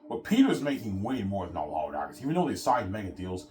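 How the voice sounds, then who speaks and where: A man's voice: fairly low pitch, sing-song, fast, darkish tone, soft background music. A man talking casually in a rambling solo vlog monologue, swearing and repeating himself. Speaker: vlogger.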